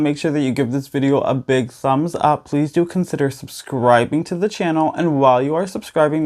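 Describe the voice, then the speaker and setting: A man's voice: medium pitch, a little mellow. A man hosting a chatty tarot reading vlog, talking with a slight lisp from new braces and a bubbly manner, often addressing viewers directly. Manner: bubbly, keeps saying "you guys" and "okay". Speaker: tarot reader.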